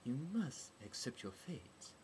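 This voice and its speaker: A man's voice: medium pitch, big pitch swings, a little mellow, slight background noise, pitched above the performer's own voice. Man voicing a cold menacing foreign warrior woman. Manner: slow, formal, oddly pronounced.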